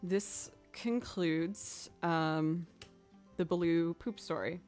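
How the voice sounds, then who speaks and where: A woman streamer chatting casually and telling a story in an animated, playful way. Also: on the low side, drawn-out words, soft background music. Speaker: musician streamer. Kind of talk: casual chat.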